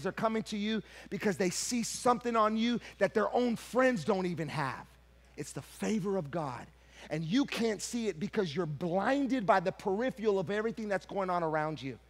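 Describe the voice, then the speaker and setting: A middle-aged man preaching a sermon as pastor, swinging between loud shouting and hushed, low confession, repeating words when he gets worked up. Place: church sanctuary.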